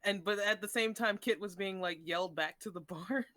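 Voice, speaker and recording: A woman's voice: mid-range voice, normal speed, a bit bright, dry recording. A woman in casual chat, retelling a tabletop game session with many fillers and restarts.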